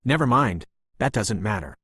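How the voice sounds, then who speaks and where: Gracious elegant woman, read by a man, warm, polite, welcoming, dry close audiobook sound. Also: on the low side, expressive, moderate pace, breathy edge, no room sound, heavily acted.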